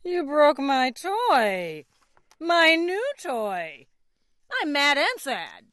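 A woman voicing Piggy, an excitable young female pig, in a storybook read-aloud, with a high squealing pitch and drawn-out words. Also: no room sound, studio quality, exaggerated voice. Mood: mad and sad.

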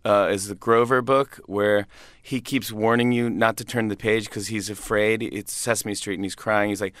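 A man's voice: fairly low pitch, fairly even intonation, moderate pace, fairly bright tone, no room sound, clean studio sound. A man, a comedian guest, chatting casually in an interview, laughing often and restarting his sentences.

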